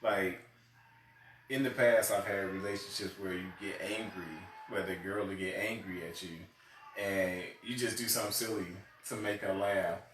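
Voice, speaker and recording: A man talking in a relaxed, slangy way, often breaking into laughter. His voice sits low and sounds distant from the mic, in a room with a noticeable echo and faint ambient noise. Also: moderate pace. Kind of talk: casual chat.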